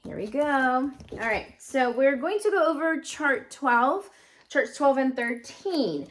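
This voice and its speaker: A woman teaching first grade phonics, her voice sitting a little high. She speaks slowly and steadily, repeating each sound three times for the children to echo. Her tone stays encouraging throughout the drill. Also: animated. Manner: encouraging classroom talk. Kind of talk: remote phonics lesson.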